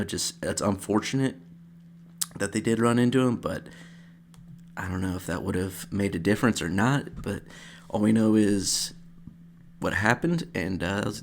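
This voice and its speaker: A man's voice: low-pitched, vocal fry, slight background noise. A man hosting his own channel, casually breaking down a grappling match in a rambling, filler-heavy way. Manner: rambling, filler-heavy, says "freaking" a lot. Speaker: channel host.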